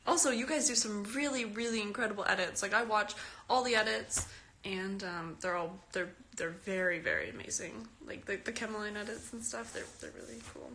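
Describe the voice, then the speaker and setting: Bright-voiced giggly teenage girl chatting. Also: mid-range voice, lively intonation, a little fast, a little hiss or hum. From Canada. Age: teen. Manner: giggly, chatty, reads questions aloud. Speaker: actress answering fans on a live stream. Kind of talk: casual live-stream Q&A.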